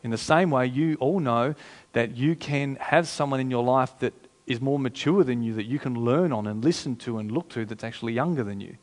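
A pastor preaching a sermon in a conversational, emphatic way, repeating phrases for effect. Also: male voice, medium pitch, fairly quick, few pauses, darkish tone.

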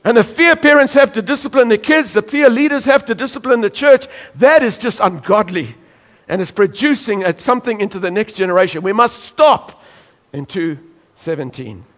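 A man's voice: high voice, expressive, moderate pace, fairly bright tone. A man from South Africa preaching a sermon emphatically, now and then acting out voices from the congregation. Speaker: pastor.

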